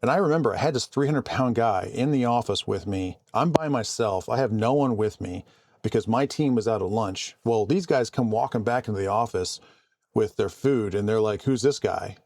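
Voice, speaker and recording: Man, low voice, calm, conversational vlog, dry sound. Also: moderate pace, no echo. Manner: calm, conversational, frequent restarts. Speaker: vlogger and IT support worker. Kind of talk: casual storytelling to camera.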